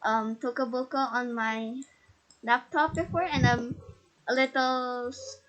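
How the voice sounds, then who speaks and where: A high-pitched woman gives a casual, unhurried tour through a game house. Her shy, nervous delivery is full of stutters and restarts. Her voice comes through a face mask and is picked up by a laptop mic. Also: fairly even intonation, fairly bright tone.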